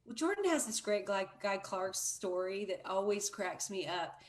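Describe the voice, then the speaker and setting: A middle-aged woman talking as a guest on a livestream, telling stories in a chatty, relaxed way. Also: mid-range voice, moderate pace. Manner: chatty storyteller. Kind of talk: casual conversation.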